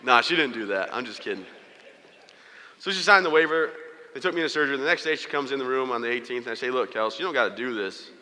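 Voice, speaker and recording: Fast-talking man speaking in a reverberant hall. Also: medium pitch, lively intonation, bright, forceful tone. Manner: candid, joking, acts out quoted dialogue. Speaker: motivational speaker. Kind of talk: personal storytelling speech to an audience. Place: large event hall.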